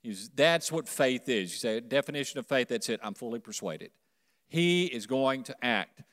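A man pastor preaching a sermon to a congregation, swinging from quiet to loud and calling on them to repeat after him. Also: mid-range voice, expressive, normal speed. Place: church sanctuary. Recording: long hall reverb.

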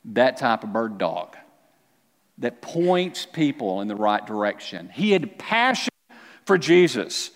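A man preaching a sermon as a pastor, with animated delivery that climbs to near-shouts and then drops low. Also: a little slow. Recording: long hall reverb.

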